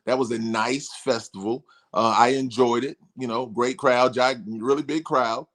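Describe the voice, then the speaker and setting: A man guest on a podcast, telling road stories in a casual, animated way and acting out quotes in a raised voice. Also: medium pitch, measured pace. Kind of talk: casual storytelling.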